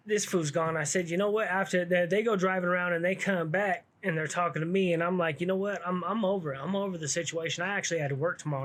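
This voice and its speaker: A man spins a yarn from his past in a loose, slangy, laid-back way, cursing as he goes. His voice sits a little higher than most men's. He talks like he's kicking it with friends. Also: fairly bright tone. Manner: slangy, laid-back street talk with frequent swearing. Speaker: vlogger telling his own story. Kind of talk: casual storytelling to camera.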